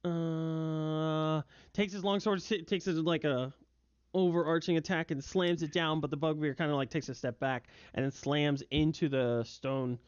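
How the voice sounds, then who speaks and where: Brief: young male game master, excitable narration, dry muffled computer mic. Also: a little high, unhurried, clean tone, dry recording. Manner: vivid, filler-heavy narration with bursts of excitement. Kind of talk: narrating a tabletop game online.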